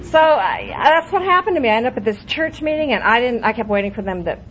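A woman's voice: fairly high pitch, lively intonation, fast talker, a crowd in the background. A middle-aged woman sharing her recovery story at a meeting, candid and wry, breaking into laughter as she tells it. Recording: muffled lo-fi recording with faint hiss.

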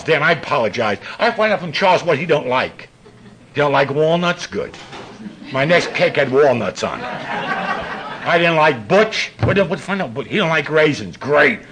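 An older man, telling profane stories to a laughing recovery-meeting audience in a gruff voice. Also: slight background noise. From New York. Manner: gruff and profane, with big swings in pitch and loudness. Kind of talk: storytelling talk to a live audience.

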